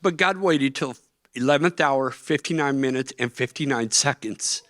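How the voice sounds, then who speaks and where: A man's voice: medium pitch, moderate pace, a bit bright, no room sound, clean studio sound. A middle-aged man giving an emotional personal testimony as an interview guest, earnest and plainspoken. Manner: earnest, tearful at moments, plainspoken storytelling. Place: conference stage.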